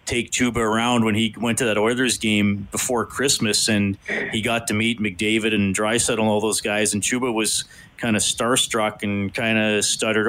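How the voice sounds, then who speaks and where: A man's voice: on the low side, level tone, moderate pace, a bit bright. A man hosting a sports radio show, asking chatty questions with small hesitations.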